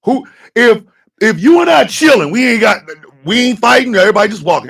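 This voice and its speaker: A man from the United States hosting a radio morning show, giving fiery, profane commentary that bursts into shouting. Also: high-pitched, lively intonation, a little fast, vocal fry, husky.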